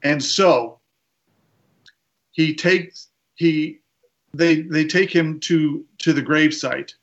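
A man preaching a sermon, retelling a story and slowing down to stress key lines. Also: a little high, a bit bright, highs cut off. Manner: retells a story with quoted voices, slows for emphasis.

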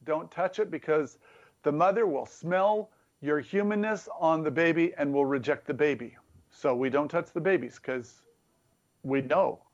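A man preaching with a slightly higher voice, talking with his listeners rather than at them. He plays with repetition and a teasing tone. The sound is dull and a bit muffled. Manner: conversational, playful, builds through repeated phrases. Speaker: pastor. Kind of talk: sermon.

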